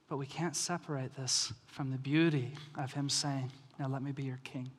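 A man preaching a sermon as pastor, animated, moving from soft earnest passages to loud storytelling. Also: mid-range voice, moderate pace, hardly any pauses, slightly rough. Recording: reverberant hall.

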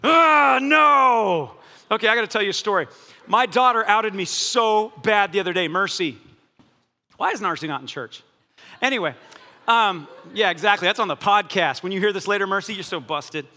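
A man, a pastor, preaching a sermon in a church, animated and jokey with strong emphasis. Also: high-pitched, a little fast. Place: church hall. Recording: echoey church hall.

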